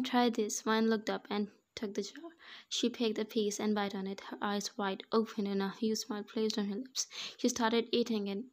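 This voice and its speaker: A woman narrating an amateur fan fiction voice-over, reading evenly with small slips. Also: medium pitch.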